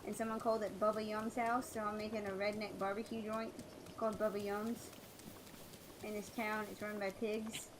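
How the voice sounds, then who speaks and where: A woman's voice: mid-range voice, level tone, moderate pace, noisy background. A woman streamer chatting casually while she plays, rambling with many fillers and restarts. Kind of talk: casual chat while gaming.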